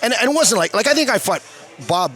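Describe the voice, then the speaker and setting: Brief: ex-player in his fifties, salty storyteller, bright forceful voice, sits a bit high. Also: quick pace, soft background music. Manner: animated, swears a lot, acts out quotes. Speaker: former hockey player, guest. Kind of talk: profane storytelling in a casual interview. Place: bar.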